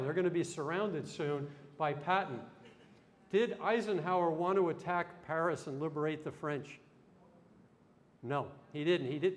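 Male lecturer, high-ish voice, conversational and quizzing the audience, recorded live in a reverberant hall. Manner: chatty, quizzes the audience with questions. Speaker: history lecturer. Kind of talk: live history talk to an audience.

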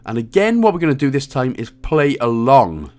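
A man's voice: mid-range voice, big pitch swings, moderate pace, darkish tone. A man giving casual, jokey walkthrough commentary on a game, now and then reading out lines in put-on voices. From Wales. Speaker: game guide creator.

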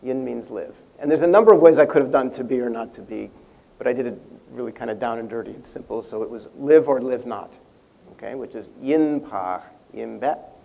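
An older man, a convention panel guest, telling an animated story and acting out quotes, laughing often. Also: mid-range voice, brisk, gravelly. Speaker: interview guest, language creator. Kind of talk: storytelling anecdote on stage.

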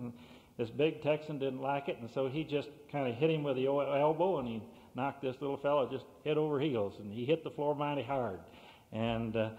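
A man telling a long folksy joke as emcee of a meeting, drawling along with many fillers. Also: mid-range voice. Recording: dull cassette tape in a reverberant hall.

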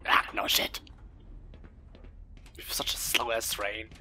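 A man with a German accent doing crude, profane commentary over a game, yelling now and then. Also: fairly low pitch, flat delivery, slow, slight background noise. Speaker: gameplay commentator.

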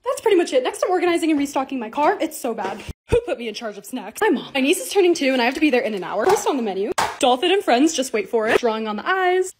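A woman's voice: sits high, sing-song, quick pace, background noise. A young woman narrating her lifestyle vlog in a casual, bubbly, gushing way. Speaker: lifestyle vlogger.

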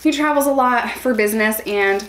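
A woman's voice: fairly high pitch, brisk, a bit bright, a little hiss or hum. Chatty young woman in an echoey room. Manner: chatty, laid-back, self-mocking. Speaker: vlogger. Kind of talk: casual mukbang vlog. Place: home room at a table.

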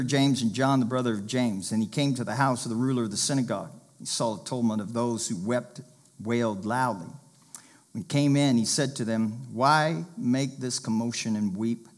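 A man's voice: mid-range voice, fairly even intonation, moderate pace. A male pastor preaching a sermon, reading scripture aloud and urging listeners to pay attention.

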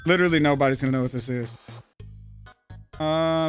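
A man's voice: mid-range voice, steady tone, unhurried, long pauses, a bit bright, smooth, faint music behind. Profane man narrating his own drawing. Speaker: gaming video host. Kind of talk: casual gaming chat.

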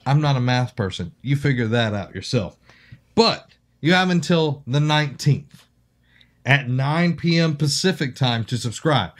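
A man co-hosting a casual podcast jokes, teases his co-host and reads sponsor copy loosely. His mid-pitched voice is relaxed and everyday, and a little slow.

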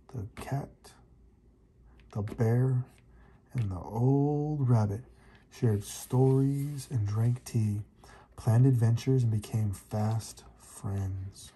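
A man gently reading a children's picture book aloud. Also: medium pitch, slight background noise. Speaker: reader.

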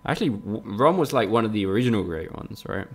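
A young man from Spain streams a game, chatting casually with viewers and swearing freely. His fairly low, husky voice is expressive and fast in this live-stream commentary.

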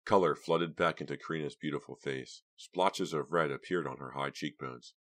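A man narrating an audiobook in steady, measured scripted narration. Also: very deep voice.

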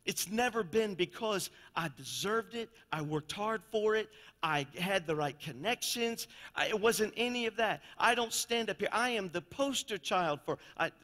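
A man preaching a sermon as pastor, telling stories in a folksy way and swinging between loud and quiet passages. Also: high-pitched, expressive, normal speed. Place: church sanctuary. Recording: long church reverb.

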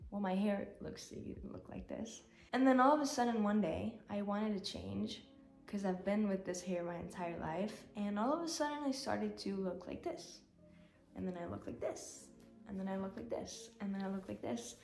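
A woman's voice: mid-range voice, normal speed, gravelly, a little mellow. A woman vlogger giving a candid, rambling personal update, often saying "like", at times tearful. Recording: roomy echo, faint music.

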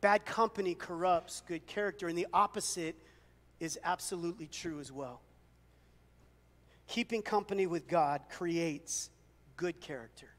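A man with a fairly high voice delivers a sermon from a church sanctuary. He preaches conversationally, telling stories and poking fun at himself. His words trail off into a long hall reverb. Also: a little slow, pauses often, a bit bright. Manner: conversational storytelling with self-deprecating humor. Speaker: pastor.

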